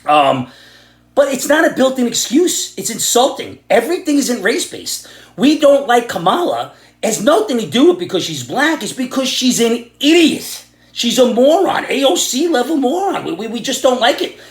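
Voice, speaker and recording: A middle-aged man from Ireland rants with heavy sarcasm. His voice sits high for a man and swings widely up and down as he scoffs and jeers. The room around him is echoey. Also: sing-song, normal speed. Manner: loud, sarcastic, ranting. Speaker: vlogger ranting about the news. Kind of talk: angry political rant vlog.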